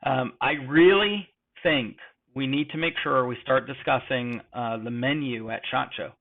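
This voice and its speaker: A man's voice: mid-range voice, measured pace, vocal fry, narrow, tinny audio. A man co-hosting a podcast, chatting casually late at night, rambling and joking with lots of fillers. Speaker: podcast co-host.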